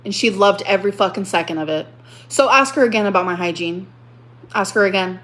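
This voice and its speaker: A woman's voice: medium pitch, brisk, fairly bright tone. A woman on a live stream, telling a story in an agitated, emotional rant, repeating herself and swearing.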